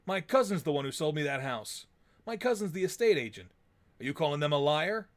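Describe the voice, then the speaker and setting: A man voicing a gruff, rude man who is curt and dismissive. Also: a little high, sing-song, a little fast. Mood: hostile.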